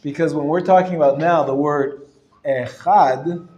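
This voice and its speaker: Slow, patient rabbi in an echoey classroom. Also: male voice, a little high, steady tone, darkish tone, dull audio. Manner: patient, explanatory, repeats words slowly to demonstrate sounds; clears throat and chuckles often. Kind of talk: live classroom lesson on Hebrew reading. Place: lecture room. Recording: roomy echo from a live class.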